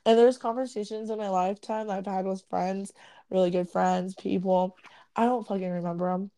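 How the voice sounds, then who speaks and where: A woman's voice: medium pitch, steady tone, fairly quick, dark tone. A woman in casual chat, teasing and joking, laughing often.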